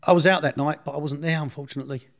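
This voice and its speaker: A man's voice: on the high side, steady tone, racing, gravelly. A middle-aged man, a podcast guest telling a long story in a casual, rambling way, often correcting himself and acting out what others said. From Essex, England. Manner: rambling, self-correcting, acts out others' speech. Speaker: interview guest.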